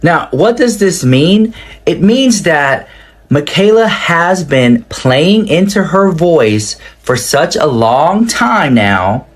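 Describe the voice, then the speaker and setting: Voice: medium pitch, sing-song, takes it slowly. Assertive, explanatory commentator. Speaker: social media commentator.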